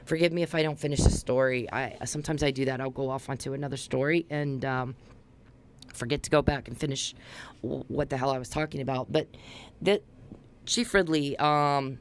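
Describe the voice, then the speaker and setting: A woman's voice: rumbling low, steady tone, fairly quick, a little hiss or hum. A woman hosting a podcast, telling a rambling, heated story at speed and swearing freely. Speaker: podcast host. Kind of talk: casual monologue.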